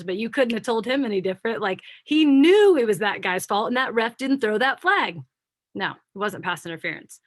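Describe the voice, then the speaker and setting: A woman's voice: mid-range voice, no echo, clean studio sound. A middle-aged woman giving a candid motivational talk on a video call, speaking to her listeners as friends. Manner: candid, preachy and animated, addressing listeners as friends. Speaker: guest speaker.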